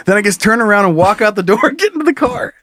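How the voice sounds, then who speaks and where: Male podcast co-host, slightly high voice, reads stories aloud and laughs through them, dry close mic. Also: lively intonation, quick pace, bright, forceful tone, dry recording. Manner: laughs often while reading. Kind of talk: reading a listener story aloud, casual chat.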